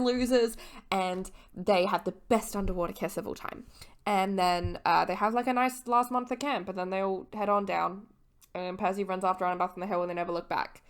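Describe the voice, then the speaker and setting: A drunk woman vlogging a casual, rambling recap of a book series, slurring her words and dropping sweary, giggly asides. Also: medium pitch.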